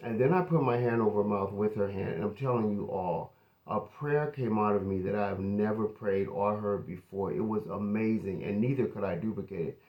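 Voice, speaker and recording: Low-voiced man telling a testimony. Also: a little fast, a little mellow. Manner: earnest, conversational retelling. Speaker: pastor. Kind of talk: personal testimony storytelling.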